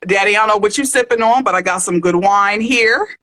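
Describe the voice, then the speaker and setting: A woman's voice: mid-range voice, brisk, sharp tone. A woman hosting a casual livestream, chatting and greeting viewers with terms of endearment like honey and babe. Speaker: livestream host.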